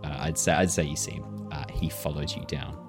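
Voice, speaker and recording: Deep voiced dm guy, lots of ums, faint music behind. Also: steady tone, a little fast. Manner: rambling, restarts and ums while describing. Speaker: dungeon master. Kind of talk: narrating a tabletop game.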